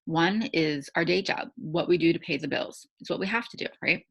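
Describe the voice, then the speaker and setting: A woman's voice: low-pitched, moderate pace, vocal fry, a bit bright, husky, poor audio. A woman hosting a faith-based challenge, giving a devotional teaching talk in a conversational way and often checking in with tag questions.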